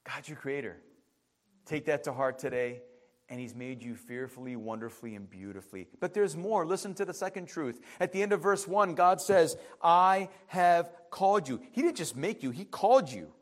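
High-voiced male pastor preaching. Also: expressive. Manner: conversational preaching with dramatic pauses and acted quotes. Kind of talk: sermon.

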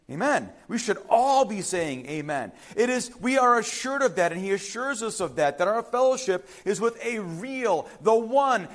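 A man's voice: sits high, a bit bright. A man preaching a sermon, emphatic, repeating key phrases and putting questions to the congregation. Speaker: pastor.

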